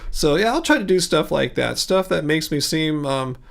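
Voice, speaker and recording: A middle-aged man from California hosting a casual livestream, reading viewer comments aloud and rambling in halting, tired talk with frequent laughs. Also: on the high side, expressive, vocal fry. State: mentally tired. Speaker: livestream host reading chat.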